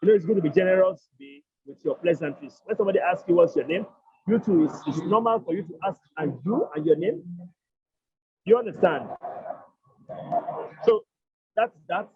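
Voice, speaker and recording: High-voiced man teaching slowly. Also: animated, dull audio, background noise. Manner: explains step by step, repeats phrases slowly. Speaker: language teacher. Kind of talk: online language lesson.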